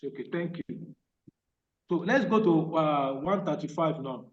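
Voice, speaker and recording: A man lectures on physiotherapy in a high-pitched, emphatic voice, stopping often to ask whether the class is following. He sounds set back from the microphone. The recording is dull and muffled. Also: a little slow, distant mic. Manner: emphatic, repeats questions to check understanding. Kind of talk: online training lecture.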